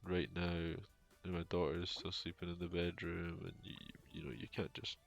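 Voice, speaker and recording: Brisk, creaky, and monotone, this low-sitting voice comes from a streamer and young father gaming at home on a headset. He rambles in casual stream chat with heaps of fillers and dry jokes, and the lo-fi sound is dull with music behind it.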